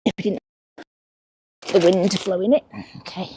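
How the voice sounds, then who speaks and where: A woman's voice: mid-range voice, fairly even intonation, moderate pace, mellow, slight background noise. A woman chatting casually to camera while working at her allotment, with playful conspiratorial asides. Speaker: allotment vlogger. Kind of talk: casual chat while gardening. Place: outdoor allotment garden.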